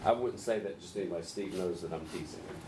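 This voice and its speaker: A man's voice: low-pitched, fast. Man teaching a Bible study, echoey room. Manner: conversational, teasing, asks the group questions. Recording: echoey room, distant mic, faint hiss.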